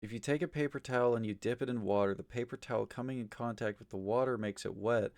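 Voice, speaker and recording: A man streaming live, chatting casually with his viewers, swinging from mumbled asides to loud exasperated ranting, with lots of swearing. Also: medium pitch, fast, dry recording. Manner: profane, argumentative.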